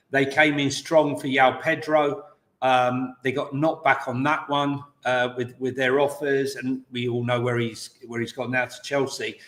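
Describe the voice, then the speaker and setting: Relaxed man with echoey room sound. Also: medium pitch. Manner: relaxed, fillers like "um" and "look". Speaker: co-host of football podcast. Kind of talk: casual football chat.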